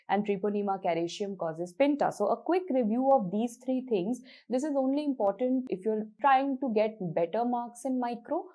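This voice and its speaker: A woman's voice: fairly high pitch, mellow. A young woman with an Indian English accent giving a medical lecture, explaining with mnemonics, repeating key points and mixing in Hindi words.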